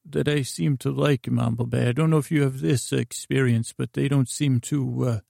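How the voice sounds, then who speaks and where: A man's voice: medium pitch, normal speed, vocal fry, no echo, clean studio sound. A man voicing a bumbling, chatty old male traveling storyteller who rambles and keeps interrupting himself. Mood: excitable. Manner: rambling, excitable, self-interrupting.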